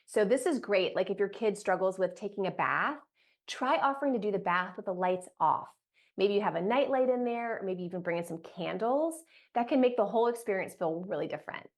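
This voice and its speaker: A woman speaks straight to camera as a sleep coach and mother, sharing bedtime tips for parents. Her delivery is casual and conversational, peppered with "like" fillers, in an ordinary mid-range pitch. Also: animated, fairly quick.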